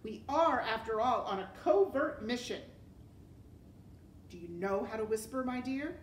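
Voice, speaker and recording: A sly, condescending storybook rat who coaxes in formal, patronizing tones, as a woman reads him aloud. The voice sits fairly high and comes from across an echoey room with a faint hiss behind it. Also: animated, brisk, natural voice. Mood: scheming. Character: scheming male rat, oily and condescending.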